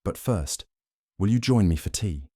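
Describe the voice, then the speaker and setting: A man's voice: low voice, lively intonation, no room sound, studio quality. A man voicing a serene old woman tea host. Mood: gentle. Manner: quiet, gentle, unhurried. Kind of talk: storybook narration for sleep.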